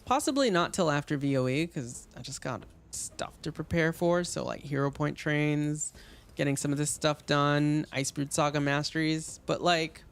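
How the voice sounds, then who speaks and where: A man's voice: fairly high pitch, normal speed, smooth. A man chatting casually and rambling with lots of fillers as he streams a game. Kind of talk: casual gaming stream chat.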